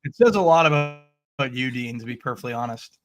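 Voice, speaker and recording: A man's voice: mid-range voice, animated, quick pace. A man guest on a sports stream, chatting casually and teasing the host, often hesitating and trailing off mid-sentence. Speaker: guest analyst.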